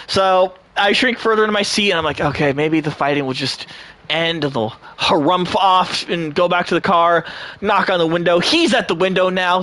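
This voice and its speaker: A young man and gaming channel host telling a long personal story in a casual, animated way, swearing freely, laughing often and acting out the people he quotes. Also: high voice, normal speed, dry recording.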